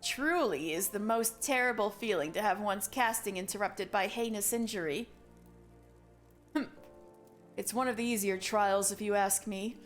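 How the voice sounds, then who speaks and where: A woman's voice: mid-range voice, normal speed, soft background music, voice pushed down, lightly acted. A woman voicing a proud elder male mage brother, lofty and theatrical in her delivery.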